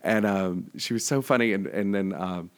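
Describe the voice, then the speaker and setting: A man hosting a show, telling a story in an excitable, chatty way full of fillers. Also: low-pitched, normal speed. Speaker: host. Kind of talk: casual chat.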